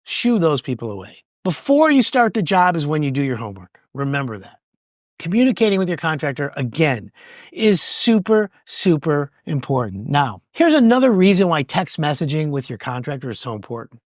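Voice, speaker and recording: A podcast host talks through home improvement advice in a loose, conversational way. The pitch moves widely up and down as the host acts out what homeowners and contractors say. The sound is dry, with no room echo. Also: sing-song, normal speed. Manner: conversational, repeats words, acts out both sides of conversations. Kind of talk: casual advice talk.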